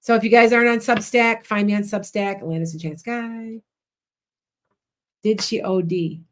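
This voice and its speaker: A woman's voice: medium pitch, fairly even intonation, moderate pace. A woman with a Midwestern Chicago accent, hosting a casual livestream and giving blunt, rambling psychic readings to viewers.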